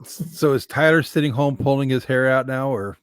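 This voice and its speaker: A man hosting a casual radio talk show, relaxed and rambling, often restarting his sentences. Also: mid-range voice, moderate pace, smooth. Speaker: radio host.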